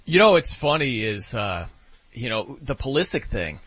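A man hosts a sports talk show in a lively, casual way, often laughing and acting out quotes. His voice is bright and a little husky. The sound is dry and close but dull and lo-fi. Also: mid-range voice, normal speed, no room sound. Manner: animated, laughing, acts out quotes.

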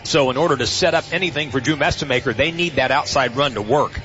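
A man, a team's play-by-play radio voice, giving folksy, relaxed football analysis from a stadium booth. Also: mid-range voice, fast, highs cut off, soft background music.

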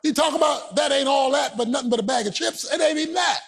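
A male pastor delivering a fervent sermon, shouting and half-singing his lines in a husky voice. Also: very high-pitched, fast, a faint crowd. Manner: shouting, preaching with sung cadence.

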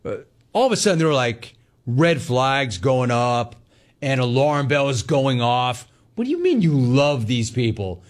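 A man hosting a sports talk radio show, delivering a sarcastic, mocking monologue with animated asides. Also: mid-range voice.

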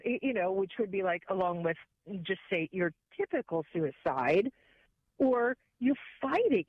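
A woman calling in to a radio talk show, speaking haltingly with many restarts. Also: mid-range voice, dry recording. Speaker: caller. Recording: phone line.

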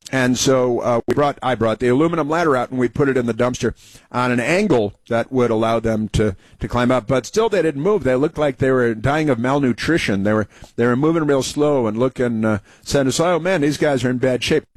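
A man's voice: mid-range voice, fairly quick, no echo. A man from the United States hosting a talk radio show, telling stories in a rambling way with many fillers and restarts. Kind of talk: rambling conversational monologue.

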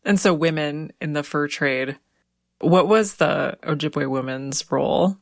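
A woman's voice: sits low, unhurried, gravelly, no echo, studio quality. A woman interviewer asking curious, encouraging questions.

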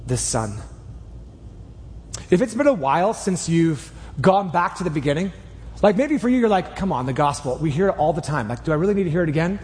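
A man preaching a sermon in a church, earnest and emphatic, speeding up and slowing down as he drives each point home. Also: high-pitched, a little mellow, long reverb tail, a little hiss or hum. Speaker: pastor. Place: church sanctuary. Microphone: clip mic.

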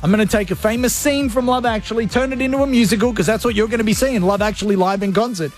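A man's voice: sits high, fast, soft background music. A man hosting a radio show, playful and jokey as he chats to listeners from his studio. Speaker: radio host. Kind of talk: energetic radio banter.

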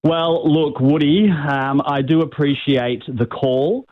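A man's voice: on the high side, steady tone, slow. A man, a radio music director, speaking on a phone call to a live show with dry, wry humour. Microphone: telephone. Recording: muffled phone line.

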